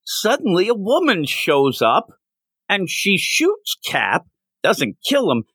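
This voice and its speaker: Animated man reviewing comics. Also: sits high, takes it slowly, breathy edge, no echo. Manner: animated, acts out quoted characters. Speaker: podcast co-host. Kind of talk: casual comic book review chat.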